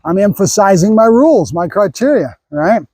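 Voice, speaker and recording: An older man with a high voice talks through a dog training session for his vlog. He is a professional trainer, opinionated and rambling, and often stops mid-thought to praise the dog. The sound is dry and close, with no room echo. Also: animated, normal speed, a little mellow. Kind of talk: training vlog with running commentary.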